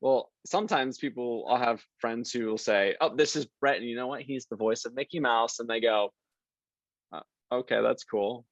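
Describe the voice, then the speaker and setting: A man's voice: mid-range voice, fairly quick, hardly any pauses, no room sound, muffled recording. A man guesting on a podcast, chatting casually and acting out the people in his stories. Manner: lively storyteller, acts out quoted people. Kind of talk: casual interview chat.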